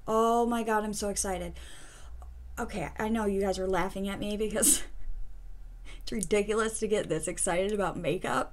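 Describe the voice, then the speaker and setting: A woman doing a makeup first-impression vlog, gushing and giddy, often breaking into laughs and hushed gasps. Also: medium pitch, normal speed. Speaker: beauty vlogger.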